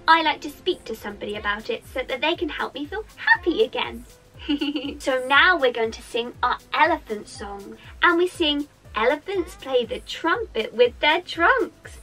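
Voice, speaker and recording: A woman's voice: sits high, pushed and bright. A woman with a British accent leading an interactive music session for young children, cheerful and sing-song, talking straight to the kids.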